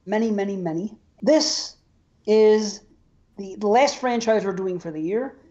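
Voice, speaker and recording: A man hosting a podcast in casual chat, excitable, laughing often and restarting his sentences. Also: high voice, unhurried, dull audio. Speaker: podcast host.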